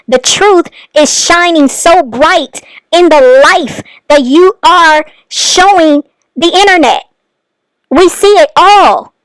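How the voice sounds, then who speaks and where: A woman's voice: sits high, no echo, rough recording. A woman hosting a commentary channel, bluntly scolding the person she talks about. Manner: blunt, scolding, addresses the subject directly. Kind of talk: reaction commentary.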